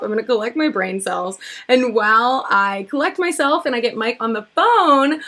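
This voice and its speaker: A woman hosting a livestreamed talk show in a giggly, excitable, rambling way. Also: on the high side. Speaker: host.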